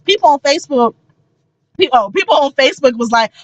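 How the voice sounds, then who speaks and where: A high-pitched woman chats on a podcast with excitable, profane energy, jumping into animated stories. The sound is close and dry, with no room in it. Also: a little fast, dry recording. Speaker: podcast co-host. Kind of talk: casual chat.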